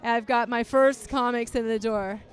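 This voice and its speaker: A woman's voice: a little high, fairly even intonation, measured pace, clean tone, soft background music. A woman co-hosting a casual podcast in a bar, bubbly and teasing with her guests. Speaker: podcast co-host.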